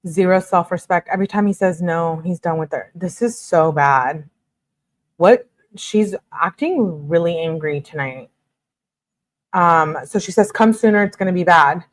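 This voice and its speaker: A woman's voice: lowish voice, unhurried. A young woman reading text messages aloud and adding her own shocked commentary, like a true crime commentator. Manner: reads messages flatly, reacts with shocked asides.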